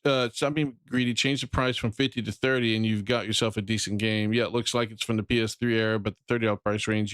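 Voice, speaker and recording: A man's voice: lowish voice, a bit bright, dry recording. A middle-aged man streaming games, chatting bluntly and rambling with casual profanity.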